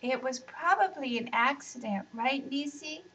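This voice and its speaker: An older sister gently coaxes the truth out of a younger one, as a woman reads her in a storybook. Slow and a little distant. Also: sits high, voice pushed up, exaggerated voice. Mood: coaxing. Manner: persuasive, coaxing. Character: older sister, coaxing and reasonable.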